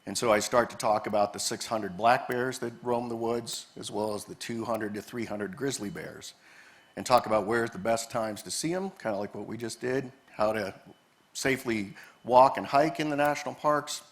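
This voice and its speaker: A man's voice: mid-range voice, moderate pace. Man telling ranger stories to an audience. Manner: animated storyteller, acts out quoted dialogue. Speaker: former park ranger presenter. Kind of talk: storytelling presentation to a live audience. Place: presentation room with a projector screen.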